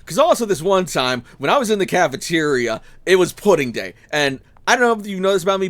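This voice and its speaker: A man's voice: high-pitched, fast talker, hardly any pauses, dry recording. A male streamer giving casual, rambling commentary over a game and telling jokey stories. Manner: animated, joking rambling storyteller.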